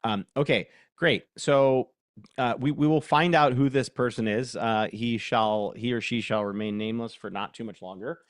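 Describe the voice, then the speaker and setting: A man presenting a casual live workshop demo. He thinks aloud, gets excitable and laughs often. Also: medium pitch, moderate pace, dry recording, clean studio sound.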